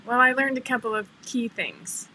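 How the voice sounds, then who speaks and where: Bright-voiced woman hosting a chatty livestream. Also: a little high, lively intonation, normal speed, slight background noise, poor audio. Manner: chatty, laughs often, greets viewers by name. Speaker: livestream host. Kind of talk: casual livestream chat.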